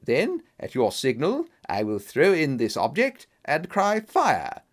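A man voicing an eager, loyal male companion in an audiobook reading, speaking a little higher and keener. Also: wildly swooping pitch, slow pace, heavily acted. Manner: keen, willing, slightly raised voice.

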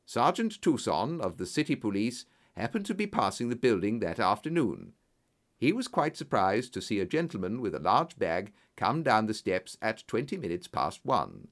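A man narrating a story, reading in an expressive, clear storytelling manner. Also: lowish voice, normal speed.

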